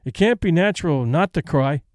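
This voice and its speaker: A man voicing a plain, restrained middle-aged female companion who speaks in a flat, dutiful way. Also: a little high, normal speed, no echo, clean studio sound, close to an everyday voice.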